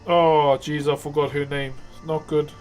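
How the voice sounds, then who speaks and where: A man's voice: a little high, little pitch movement, a little slow, darkish tone, soft background music. A man with a New Zealand accent chatting casually with viewers on a live stream, easygoing and calling everyone bro. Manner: laid-back, calls viewers brother and bro.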